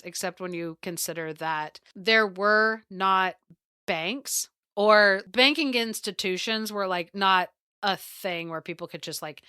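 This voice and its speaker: A woman co-hosting a podcast, retelling a folktale in an animated, laughing casual chat. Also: fairly low pitch, smooth, no echo, clean studio sound. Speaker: podcast co-host.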